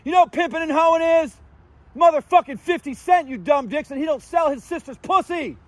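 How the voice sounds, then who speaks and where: High-voiced man ranting angrily. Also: a little fast, no echo. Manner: profane, confrontational ranting. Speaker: vlogger. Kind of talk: angry street rant.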